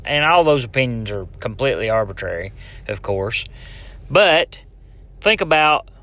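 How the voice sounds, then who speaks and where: A man's voice: mid-range voice, a bit bright. A man from Tennessee, hosting a casual solo podcast in a rambling, joking way and talking straight to the listener. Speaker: podcast host.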